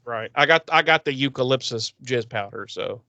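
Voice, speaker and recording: A man's voice: mid-range voice, moderate pace, pushed and bright, no echo, lo-fi sound. Podcast co-host, male, dry close sound, swears freely and jokes through the recap. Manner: profane, jokey, laughs often. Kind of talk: casual recap chat.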